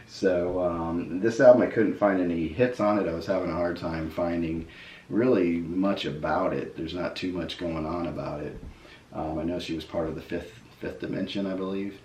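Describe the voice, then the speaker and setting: Low-voiced man rambling about records. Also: recorded from a distance. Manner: relaxed and rambling, with many ums and uhs. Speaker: host of a record review channel. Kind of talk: casual album review chat. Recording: roomy echo, voice a bit off the mic, faint background hiss.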